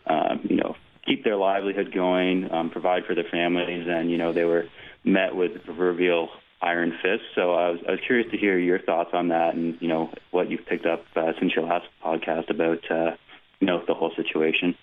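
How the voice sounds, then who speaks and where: Male caller, very low and flat, tinny phone line, rambling and hesitant. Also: fairly quick. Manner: rambling, hesitant, full of fillers. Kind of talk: call-in talk radio.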